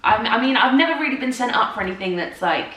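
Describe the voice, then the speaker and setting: Recorded off-mic and at a distance in a roomy space, a woman with a highish, bright, forceful voice talks quickly and expressively. She co-hosts a casual morning chat and, as a musical theatre performer, chats about her acting work with talkative self-deprecation.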